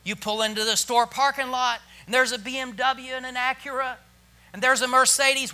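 High bright-voiced guy preaching in church, goes soft then loud. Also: steady tone, normal speed. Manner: preaching with big swings from hushed to shouted. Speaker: pastor. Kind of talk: sermon.

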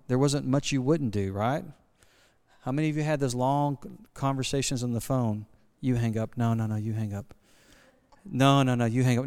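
A man's voice: mid-range voice, darkish tone, smooth. A middle-aged man preaching a sermon, talking casually and asking the congregation questions. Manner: conversational, asks the congregation questions. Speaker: guest preacher.

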